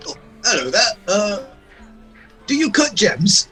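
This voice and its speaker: Guy player in a tabletop game, slow and hesitant, kinda high voice that goes all over. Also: big pitch swings, sharp tone, faint music behind. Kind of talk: casual tabletop play.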